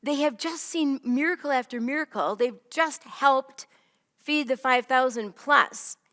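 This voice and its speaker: A woman's voice: high voice, measured pace, fairly bright tone, in a large hall. A woman teaching a Bible lesson in a conversational way, often checking in with "right?" and "okay?". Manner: chatty, keeps asking "right?" and "okay?".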